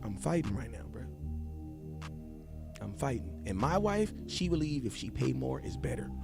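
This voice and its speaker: A man's voice: medium pitch, sing-song, moderate pace, gravelly, over music. A man hosting a casual sports livestream with a loose, rambling, slangy way of talking. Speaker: sports vlog host.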